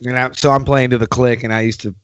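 A man's voice: medium pitch, level tone, quick pace, clear, resonant tone, no room sound. A man hosting a podcast, telling drumming stories with lots of swearing and acting out his old rants. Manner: profane, tells stories, acts out angry past rants. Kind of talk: casual podcast chat. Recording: dry, dull lo-fi sound.

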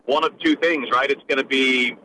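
A man's voice: mid-range voice, fairly even intonation, moderate pace, pushed and bright, a little hiss or hum, low-quality recording. A man who is a guest on a sports radio show, speaking conversationally with plenty of restarts. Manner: conversational, many restarts and fillers. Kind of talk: casual radio interview.

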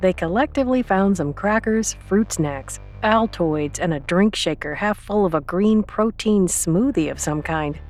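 A woman narrating an audiobook in a calm, steady reading voice. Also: medium pitch, measured pace, hardly any pauses, faint music behind.

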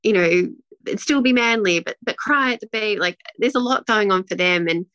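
A woman's voice: medium pitch, brisk, pushed and bright, smooth, dry recording. A woman, a guest telling a personal story in a rambling, emotional way with many restarts. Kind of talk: casual interview talk.

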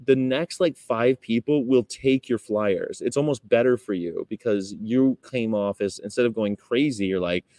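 Hardly pausing at all, a vegan activist from Chicago talks at a moderate pace in a warm voice during a casual livestream. He rambles, laughs frequently, reads things aloud, and mimics quoted politeness in a mock-sweet high voice, all captured on a dry recording.

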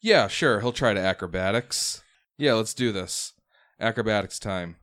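A man's voice: lowish voice, moderate pace, a bit bright. A man acting as game master, explaining rules step by step and thinking aloud as he runs a tabletop game.

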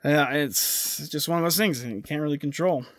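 A man's voice: on the high side, moderate pace, no echo, studio quality. A young man hosting a casual podcast, rambling with lots of fillers and restarts. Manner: rambling, filler-heavy, self-interrupting. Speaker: podcast host.

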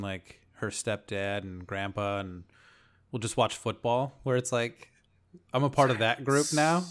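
A man's voice: fairly low pitch, a bit bright, smooth. A man in a casual chat, upbeat and talkative, peppering his talk with filler words. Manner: chatty, upbeat, lots of "like".

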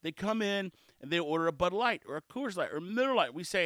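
Male solo podcaster, casual and cheeky, lively swinging delivery. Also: high-pitched, a little fast, few pauses, no room sound, clean studio sound. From South Texas. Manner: chatty, cheeky, animated storytelling. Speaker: podcast host.

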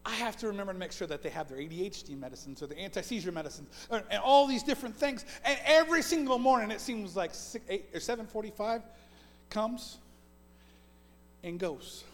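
Male pastor, very high-pitched voice, conversational sermon, loud-to-hushed swings, repeated phrasing, long church reverb. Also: animated, a little fast, slight background noise. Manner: repetitive, list-like delivery. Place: church sanctuary.

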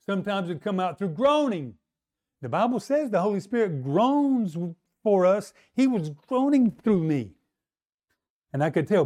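A man's voice: sits high, sing-song, moderate pace, a little mellow. A man preaching, telling a personal testimony in an earnest storytelling way and speaking straight to his congregation. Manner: earnest storytelling, addresses audience directly. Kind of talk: sermon testimony.

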